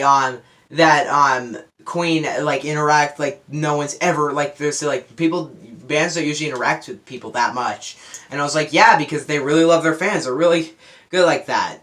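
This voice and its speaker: Bright-voiced rambling young movie reviewer. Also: male voice, fairly high pitch. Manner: rambling, self-correcting, enthusiastic. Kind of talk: casual unscripted movie review.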